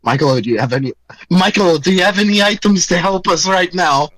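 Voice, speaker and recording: A man playing a tabletop game with friends, whose voice sits fairly high for a man. He jokes constantly and laughs easily in loose, casual chat. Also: a bit bright, low-quality recording. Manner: joking, quick to laugh. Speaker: player.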